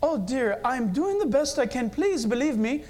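A preacher doing a flustered, apologetic airline captain. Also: male voice, very high-pitched, sing-song, moderate pace, darkish tone, voice pushed up. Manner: polite, anxious apologizing.

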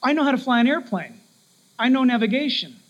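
A man preaching a sermon, telling stories with lively shifts of voice and acting out the people in them. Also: very high-pitched, brisk, highs cut off. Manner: animated storytelling, acts out quoted voices.

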